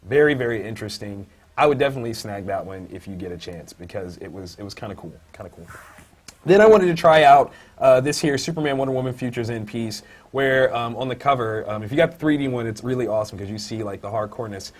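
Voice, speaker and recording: A man co-hosting a casual comic book review podcast, thinking aloud with many fillers and breaking into loud, high-pitched outbursts when excited. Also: quick pace. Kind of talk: casual chat.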